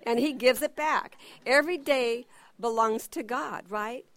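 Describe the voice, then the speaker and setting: A middle-aged woman teaching at a church, who tells personal stories in an animated way and acts out what people said. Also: fairly high pitch, measured pace, no echo.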